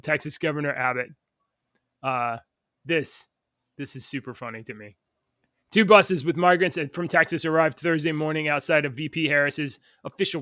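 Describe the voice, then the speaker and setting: A man's voice: on the high side, fairly bright tone, dry recording, studio quality. A man co-hosting a casual morning talk show, reading news aloud and joking about it with a ready laugh. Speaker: co-host.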